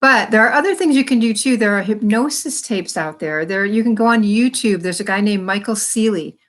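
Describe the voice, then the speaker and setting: A woman's voice: mid-range voice, expressive, a little fast. A woman talking to camera as a wellness coach, friendly and encouraging, speaking straight to her viewers. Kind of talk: casual talk to camera.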